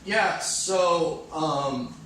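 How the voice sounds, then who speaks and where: A man's voice: a little high, very slow, a bit bright, a little hiss or hum. A man in his thirties doing a self-mocking stand-up comedy set on a hotel comedy stage. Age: 30s. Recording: echoey room from far off, faint ambience.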